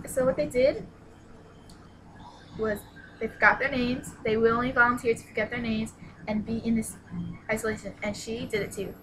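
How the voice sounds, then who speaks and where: A young woman excitedly retelling a book's plot in a casual review vlog, with lots of "like" and sudden squealed exclamations. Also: a little high, a little slow, long pauses, slight background noise, poor audio. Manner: excitable and gushing, exclaims "What? What?"; retells the plot with many "like"s and restarts. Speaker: book reviewer.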